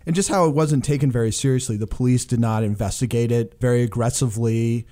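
A man's voice: medium pitch, steady tone, quick pace, dark tone. A man on a crime-writers' podcast panel, summing up a true-crime podcast plainly. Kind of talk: casual podcast chat.

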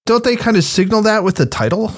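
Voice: medium pitch, expressive, fast talker, no echo. Podcast co-host, questioning, casual chat, dry close sound.

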